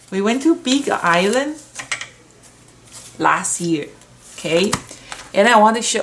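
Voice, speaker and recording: Middle-aged lady from a stamp shop, chatty and excitable, rambles through stories while showing off cards. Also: a little high, gravelly, slight background noise. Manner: rambling storyteller. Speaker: stamp shop host sharing card swap entries.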